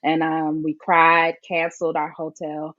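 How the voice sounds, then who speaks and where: A woman's voice: deep voice, completely flat delivery, unhurried, fairly bright tone, no echo, muffled recording. A woman guest speaking earnestly and reflectively in an interview, telling a personal story. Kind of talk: conversational interview.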